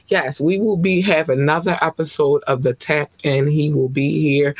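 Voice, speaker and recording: A male podcast host with a slightly high, gravelly voice, chatting in a loose, affectionate, rambling way. The sound is dry and close, with no room around it. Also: no room sound. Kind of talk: casual podcast shout-outs.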